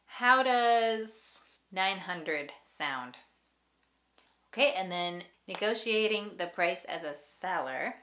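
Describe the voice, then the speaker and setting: A woman teaching an English lesson, speaking slowly and clearly and repeating example phrases. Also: on the low side, animated, sharp tone. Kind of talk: ESL lesson.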